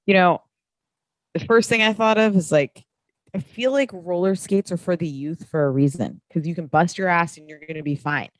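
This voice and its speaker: Low-voiced woman in her thirties. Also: moderate pace, no echo. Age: 30s. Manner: blunt, swears freely. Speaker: podcast co-host. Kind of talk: casual chat.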